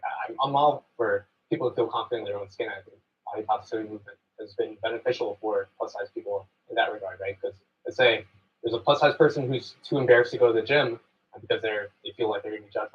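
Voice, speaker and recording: A man in a podcast discussion making his point calmly and checking in with "right?". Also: on the low side. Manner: reasoned, with lots of "right?" checks. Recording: distant dull audio from a played clip.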